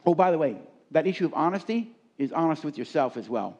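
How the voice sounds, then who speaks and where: A man's voice: fairly high pitch, lively intonation, fast talker, darkish tone, dull audio. A man preaching a sermon from a stage, emphatic and repeating key words for stress. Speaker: pastor. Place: on a stage before a congregation.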